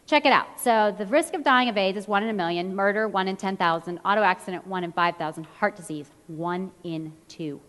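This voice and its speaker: A woman in her thirties gives a motivational talk as a fitness trainer, with a voice of ordinary pitch for a woman. She tells her stories with lively energy and acts out quotes from the people in them. Her voice rings with the long reverb of a large hall. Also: fairly quick, hardly any pauses. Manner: animated storyteller, acts out quotes.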